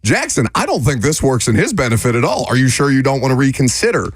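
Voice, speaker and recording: A man's voice: medium pitch, big pitch swings, fast talker, husky, no room sound, studio quality. A man hosting sports radio, out of breath and talking in a sarcastic, mock-outraged way. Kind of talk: sports talk radio banter. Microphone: studio microphone.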